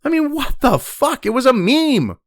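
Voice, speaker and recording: A man's voice: very high-pitched, very animated, moderate pace, no room sound, studio quality. A man hosting a profane political rant, reading news aloud and then angrily mocking it. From United States. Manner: angry, crude, mocking, reads news then rants. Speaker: political commentary host.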